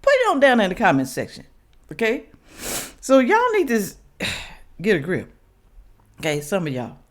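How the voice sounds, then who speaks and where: A woman's voice: medium pitch, huge pitch swings, normal speed. A woman hosting a reaction vlog, preaching emphatically to viewers and sniffly from sinus trouble. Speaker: reaction channel host. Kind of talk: casual direct-to-camera commentary.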